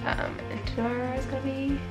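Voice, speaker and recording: A woman's voice: high-pitched, level tone, brisk, loud music behind the voice. A young woman vlogging casually to camera, chatty and bubbly, full of "like" fillers and giggles. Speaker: vlogger launching a business. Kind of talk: casual vlog talk to camera.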